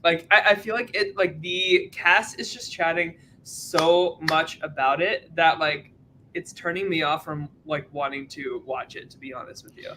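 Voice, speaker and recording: Bright, candid podcast co-host voice. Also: medium pitch, unhurried, slight background noise. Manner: candid, rambling, mildly exasperated. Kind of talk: casual chat.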